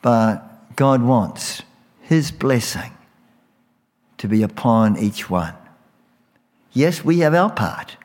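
A male pastor delivering a sermon at an unhurried, deliberate pace. His mid-range voice leans on repeated phrases for emphasis, and a long reverb trails each line in a large hall. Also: medium pitch, very animated, a little mellow.

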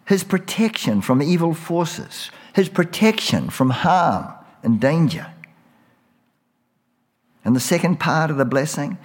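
A man preaching a sermon as a pastor, slow and emphatic, repeating phrases for weight. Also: fairly high pitch, big-room sound.

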